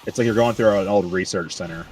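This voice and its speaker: Casual male streamer, low voice, rambling storyteller, sits back from the mic. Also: quick pace, darkish tone, far from the mic, slight background noise. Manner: rambling, restarts, laughs along. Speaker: gaming streamer. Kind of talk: casual chat while gaming.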